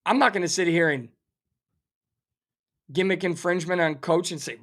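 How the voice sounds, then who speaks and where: A man's voice: high-pitched, moderate pace. Fired-up man ranting as sports host. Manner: animated, sarcastic, theatrical outrage. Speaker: sports talk show host. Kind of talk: fired-up sports betting rant.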